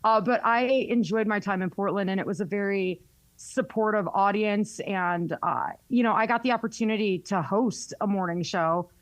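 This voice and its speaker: A woman's voice: mid-range voice, moderate pace, dry recording. A woman radio host with a Southern accent, chatting candidly in an interview and laughing often. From North Carolina, US. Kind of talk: casual interview chat.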